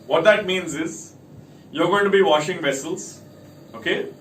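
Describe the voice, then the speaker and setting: A man's voice: on the high side, unhurried, a bit bright, recorded from a distance. A man giving a talk to camera, working through a list of points with emphatic delivery. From India. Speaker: company speaker. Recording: echoey room, from off mic, faint noise.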